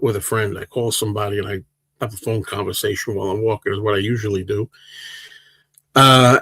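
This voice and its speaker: A man in his sixties hosts a laid-back livestream, meandering through comments and replying to viewers one by one. His voice is medium in pitch, and the recording is dry.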